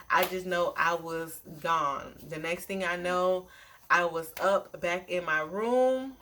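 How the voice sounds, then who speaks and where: Chatty woman vlogger, low voice, noisy room. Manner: chatty, animated retelling with playful asides. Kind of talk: casual storytime.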